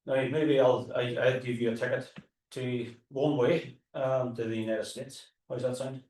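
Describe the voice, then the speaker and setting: A man's voice: medium pitch, steady tone, normal speed, darkish tone. A man with a Derry accent, a tour guide and historian, talking informally to a live audience, with frequent restarts and asides. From Northern Ireland. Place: forum hall. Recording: roomy hall, mic at a distance.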